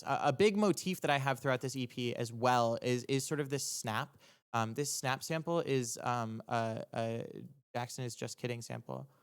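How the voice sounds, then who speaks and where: A young man, a music producer, talking casually on a livestream as he breaks down his own track, rambling and halting with lots of ums, restarts and casual swearing. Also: medium pitch, smooth. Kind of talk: casual explanatory livestream talk.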